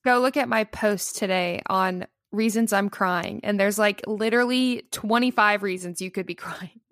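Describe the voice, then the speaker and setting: A woman's voice: mid-range voice, normal speed, no echo, clean studio sound. A woman co-hosting a podcast, telling stories animatedly in casual chat with frequent laughter. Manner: animated storyteller, laughs between lines. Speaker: podcast co-host.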